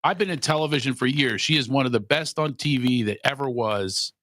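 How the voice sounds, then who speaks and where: A man's voice: medium pitch, fairly quick, a bit bright. A man from Philadelphia, a guest comedian, rambling and joking about himself with many restarts. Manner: rambling, self-mocking, frequent restarts. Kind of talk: casual comedy podcast chat.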